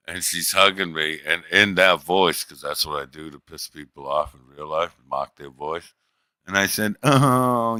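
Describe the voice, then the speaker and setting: A middle-aged livestream host with a very deep voice that keeps a bright, forceful edge chats casually, bragging crudely and ribbing his audience. The audio is dry, close-miked, and free of echo.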